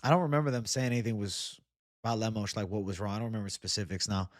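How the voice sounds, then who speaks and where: A man's voice: lowish voice, steady tone, fast talker, no room sound, studio quality. A young man from Boston hosting a casual live chat. He talks loosely and swears a lot. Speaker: livestream host.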